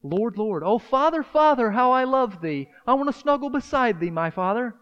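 A man's voice: extremely high pitch, lively intonation, moderate pace, clear, resonant tone, in a large hall, dull audio, voice pushed up. A man voicing a spoiled, childlike believer who begs and wheedles in a simpering sing-song. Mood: wheedling. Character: spoiled whiny childlike believer begging a father.

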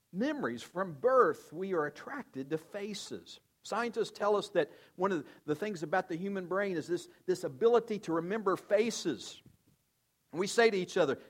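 A man's voice: big pitch swings, moderate pace. Older male pastor preaching earnestly. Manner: earnest, conversational preaching, drops to soft low tones for emphasis. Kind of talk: sermon.

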